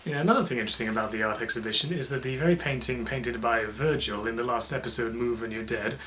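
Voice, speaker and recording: Fast-talking man with dry asides. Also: mid-range voice, sharp tone, a little hiss or hum. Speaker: co-host. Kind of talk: casual chat.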